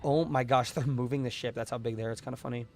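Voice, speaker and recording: A young man streaming a space game live, chatting casually with his viewers, his voice a bit strained from yelling, with bursts of excitement. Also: mid-range voice, fast, faint music behind. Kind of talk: casual live gameplay commentary.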